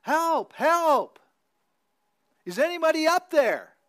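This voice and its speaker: A man acting out a panicked man hanging from a cliff branch, yelling desperately for help. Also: very high voice, big pitch swings, takes it slowly, voice pushed up, exaggerated voice.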